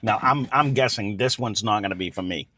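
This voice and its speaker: A man's voice: on the low side, a little fast, bright, forceful tone. A man casually reviewing breakfast food with a co-host, frank and easygoing about what he likes.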